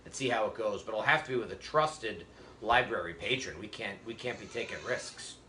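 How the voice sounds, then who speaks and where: Over a video call, a male cooking instructor teaches a live online class, walking through each step in a chatty, joking way full of fillers. His voice is lowish, a little fast and sharp in tone. The webcam mic picks up an echoey room and slight hiss or hum.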